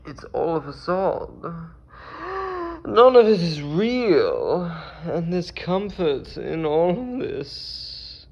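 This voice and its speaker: A high, gravelly loving presence, channeled by a man, speaks through a put-on accent in slow, swooping declarations. It gasps and weeps between phrases. The recording sounds dull and lo-fi. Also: sing-song, a little mellow, heavily acted. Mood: ecstatic. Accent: unplaced put-on accent. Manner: gasping, weeping, drawn-out emotional outbursts.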